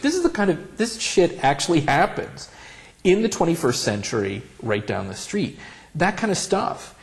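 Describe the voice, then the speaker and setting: A middle-aged man in an oral history interview, telling candid stories with a wry, animated manner and acting out the quotes. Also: fairly high pitch, moderate pace, creaky. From Central Pennsylvania. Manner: wry, animated, acts out quotes when storytelling. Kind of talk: candid conversational storytelling.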